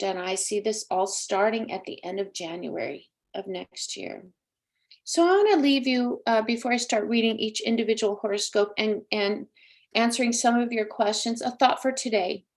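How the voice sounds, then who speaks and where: An emotional, chatty woman in her sixties hosts a live psychic talk show. Her voice sits a little high for a woman, and she talks with emphatic, heartfelt sincerity. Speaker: psychic medium host.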